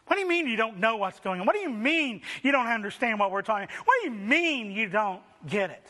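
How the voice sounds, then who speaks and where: A man's voice: high voice, sing-song, bright, forceful tone, full character voice. A man doing an incredulous male traveler. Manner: disbelieving rapid questions.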